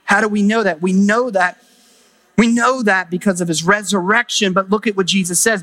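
A man's voice: high voice, steady tone, normal speed, bright, forceful tone. A middle-aged man preaching a sermon as pastor, emphatic, with rising exclamations.

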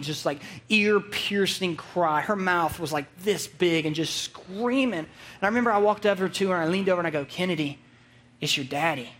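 A man in his thirties preaching a sermon as a pastor, telling stories animatedly and then dropping to a hushed, earnest tone. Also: high voice. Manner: animated storytelling, shifting from excited to hushed and earnest.

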